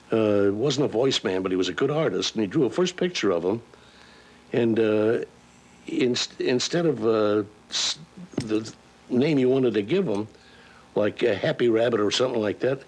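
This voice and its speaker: A man's voice: lowish voice, normal speed, pauses often. An older man, a voice actor, telling chuckling stories in a casual interview and slipping into character voices. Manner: chuckling storyteller who slips into character voices. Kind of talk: casual anecdotal interview chat.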